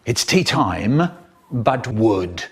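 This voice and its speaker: A man telling comic stories in a playful, animated way, breaking into sound effects and squeals. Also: on the low side, drawn-out words, slightly rough. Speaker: storyteller. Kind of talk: comic storytelling, chopped into a remix.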